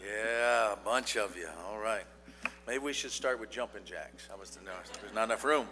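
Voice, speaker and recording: A man's voice: on the low side, moderate pace, sharp tone, faint music behind. A man preaching as a traveling evangelist in a folksy way, peppering his talk with "Amen" and fillers. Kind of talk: sermon. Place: church sanctuary. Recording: long church-hall reverb.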